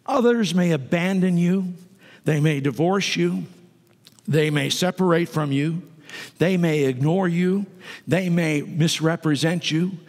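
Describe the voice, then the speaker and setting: With a voice on the high side and a measured pace, a pastor addresses his congregation in a conversational sermon, adding asides to the pews. The church sanctuary lends the recording a long reverb.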